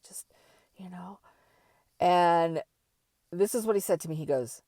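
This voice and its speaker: A middle-aged woman telling a candid personal story in a rambling, animated way, with many fillers and restarts. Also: on the low side, a little slow, long pauses, no echo, studio quality. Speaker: vlogger.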